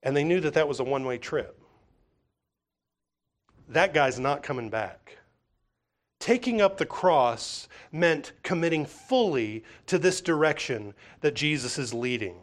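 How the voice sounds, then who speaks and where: A pastor preaching a sermon, with emphatic, repeating phrases and frequent restarts. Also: male voice, on the high side, animated, measured pace. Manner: acts out voices of others when telling stories.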